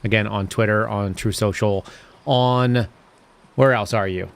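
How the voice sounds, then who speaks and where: A man's voice: lowish voice, fairly even intonation, measured pace, gravelly. An American man hosting a live stream, joking with his viewers and a reporter in the field. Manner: jokey, wry, talks to chat viewers. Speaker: livestream host. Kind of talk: casual live-stream banter.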